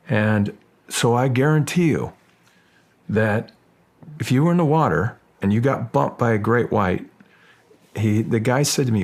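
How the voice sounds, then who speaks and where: A middle-aged man, an actor guest in a casual interview, speaking with a husky voice, often restarting his sentences and growing lively as he tells a story. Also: medium pitch. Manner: halting, restarts often, grows animated while telling a story.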